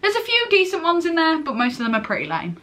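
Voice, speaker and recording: Teen girl from england rambling on excitedly, keeps cutting herself off, bright voice. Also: extremely high pitch, quick pace. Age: late teens. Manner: gushing, rambling, self-interrupting. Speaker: vlogger. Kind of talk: casual chat.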